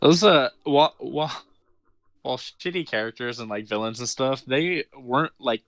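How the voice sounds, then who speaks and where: A man's voice: mid-range voice, normal speed, no echo. A man co-hosting a casual podcast, chiming in with short agreements and easygoing opinions on a TV show. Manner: laid-back, agreeing with short interjections. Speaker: podcast co-host. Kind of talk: casual chat about a TV show.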